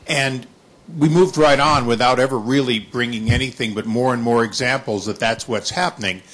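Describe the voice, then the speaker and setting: A man's voice: mid-range voice, steady tone, moderate pace, fairly bright tone. A man in the audience making an earnest comment from the floor, with a few restarts. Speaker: audience member. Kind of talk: question from the floor.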